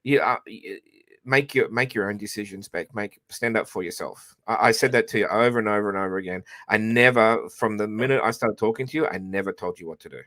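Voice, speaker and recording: A man chatting in a laid-back, halting way with many restarts on an online panel. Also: fairly low pitch, a bit bright, dry recording. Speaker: panel guest. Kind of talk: casual online panel chat.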